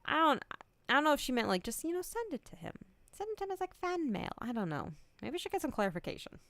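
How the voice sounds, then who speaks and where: A woman's voice: high voice, very animated, fast, gravelly, fairly bright tone, no echo. A woman in her twenties chatting candidly on a stream. She swears freely, laughs often and acts out both sides of the conversations she retells. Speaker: VTuber streamer. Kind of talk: casual chat stream.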